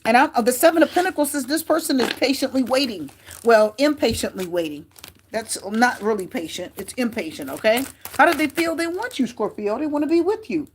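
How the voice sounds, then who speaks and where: Tarot reader, woman, high-pitched, chatty and repetitive, talks straight to viewers. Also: animated, brisk, a little hiss or hum. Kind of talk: casual tarot reading to camera.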